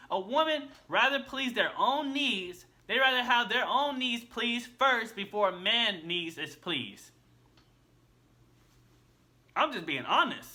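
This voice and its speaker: A man talks straight to his viewers in a casual reaction video, blunt and full of slang. His voice sits high and rings very bright, almost sharp. He repeats his points as he works them out.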